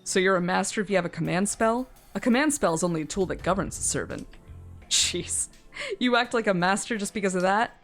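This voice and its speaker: A woman's voice: mid-range voice, expressive, a little fast, soft background music, close to an everyday voice. A woman voicing an arrogant young male warrior servant who talks down sarcastically to his new master. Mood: mocking. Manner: condescending, sarcastic.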